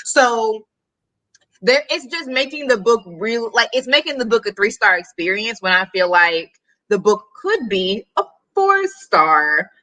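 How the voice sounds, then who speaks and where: A woman co-hosting a casual reading livestream, animated and opinionated, with sudden bursts of exclamation. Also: a little high, a little slow, no echo, poor audio. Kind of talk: casual chat.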